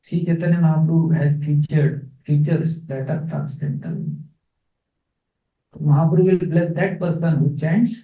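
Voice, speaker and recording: A man giving a scripture class, explaining verses slowly with fillers and repeats. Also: a little high, fairly even intonation. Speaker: spiritual teacher. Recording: echoey, phone-like, distant.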